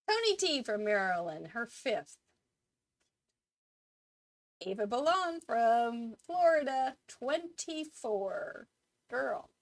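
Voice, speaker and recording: A woman hosting a live crafting show, reading out viewers' names quickly in a chatty, enthusiastic way. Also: fairly high pitch, no echo. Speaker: host.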